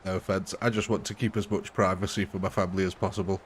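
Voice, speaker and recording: Chatty gaming streamer. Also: male voice, sits low, flat delivery, fast talker, slight background noise. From English Midlands. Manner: chatty, laughs often. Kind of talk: live gameplay commentary.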